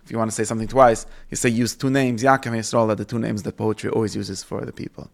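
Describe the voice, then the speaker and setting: Man, gravelly voice, Bible teacher, explanatory lesson, frequent restarts. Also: lowish voice, level tone, fast. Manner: reads Hebrew verses aloud and translates them, with fillers and restarts.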